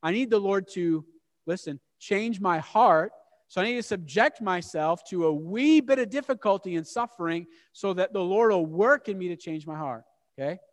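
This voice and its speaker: A man preaching a sermon as an animated, self-mocking story. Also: high voice, moderate pace. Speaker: pastor. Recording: long hall reverb.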